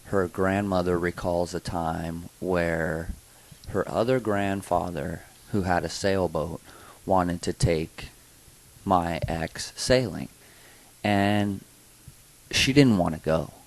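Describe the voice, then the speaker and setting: Man, very low voice, slow unhurried delivery, hesitant rambling storyteller, casual podcast chat. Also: low-quality recording. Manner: rambling, hesitant, with many fillers. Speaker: podcast co-host.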